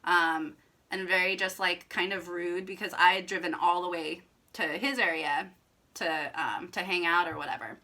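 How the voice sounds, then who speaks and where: Young woman vlogger, slightly low but bright tone, chatty emphatic storyteller. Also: steady tone, normal speed. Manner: chatty, filler-heavy with frequent "like", emphatic. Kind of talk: casual storytelling to camera.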